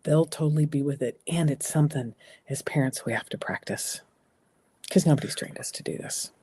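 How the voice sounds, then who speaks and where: Soft-voiced, husky American woman. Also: low-pitched, fairly quick. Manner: emphatic, repeats phrases, drops to a soft voice for reassuring lines. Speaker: guest speaker. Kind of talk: earnest advice in a talk show conversation.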